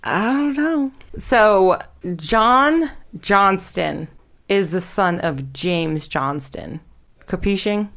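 A woman's voice: medium pitch, animated, drawn-out words, a bit bright. A young woman casually telling a spooky story to friends, rambling, laughing and swearing as she goes. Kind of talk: casual storytelling podcast chat.

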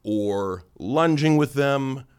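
A man's voice: medium pitch, animated, slow, darkish tone, smooth. A young man talking casually and at length about workouts and fitness, rambling with many fillers. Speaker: fitness podcast host answering listener questions. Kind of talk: casual monologue.

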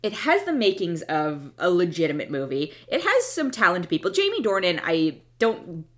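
A woman's voice: on the low side, very animated, moderate pace, a bit bright. A woman giving a casual, blunt, opinionated film review, often restarting and trailing off mid-thought. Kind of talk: casual movie review monologue.

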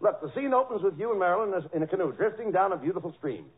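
A man's voice: high-pitched, animated, very fast. A man playing the straight man in a 1940s radio comedy, explaining with exasperated patience. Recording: lo-fi old radio broadcast.

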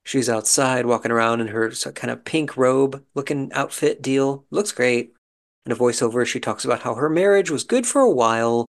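Guy with a gravelly voice doing a wry chatty show recap, musing asides. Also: medium pitch, normal speed. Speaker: podcast host recapping a reality show. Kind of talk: casual commentary.

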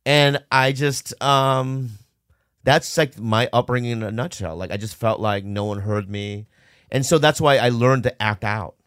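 A man's voice: mid-range voice, a little slow, fairly bright tone, clean tone, no room sound, clean studio sound. A man from Minnesota in casual conversation, candidly telling a rambling personal story with lots of fillers.

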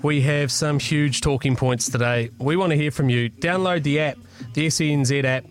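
Kiwi male host kicking off the breakfast show, a bit higher voice, light music bed. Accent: New Zealand. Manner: brisk, listing the show's topics. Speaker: radio host opening the show. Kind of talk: upbeat show opening.

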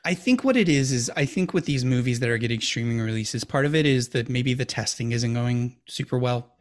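Male podcast host, mid-pitched, loose and rambling film chat. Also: animated, brisk. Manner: rambling, self-interrupting, chatty.

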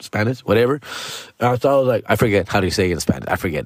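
A man rambling casually from his room at an ordinary pitch, his speech slangy and full of swearing. He keeps throwing in "dog" and "fool" and slips into Spanish now and then. The sound is dry and close, with no room echo. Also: big pitch swings, a little fast. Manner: slangy, profane, peppers talk with "dog" and "fool"; switches into Spanish mid-sentence. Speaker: vlogger. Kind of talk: casual personal monologue.

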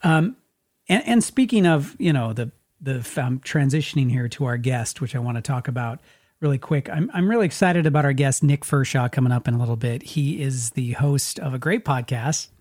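A man's voice: medium pitch, lively intonation, normal speed, a little mellow, dry recording, studio quality. A middle-aged man from Spokane hosting a podcast, telling stories in a rambling casual way with lots of restarts. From Spokane, USA. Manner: rambling, frequent restarts, acts out quotes. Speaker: podcast host. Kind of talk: casual storytelling chat.

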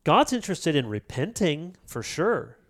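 A man as an interview guest, talking about prayer in a lively storytelling way and acting out quoted lines. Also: fairly high pitch, measured pace. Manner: animated storyteller, acts out quotes. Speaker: author and pastor guest. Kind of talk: casual interview talk.

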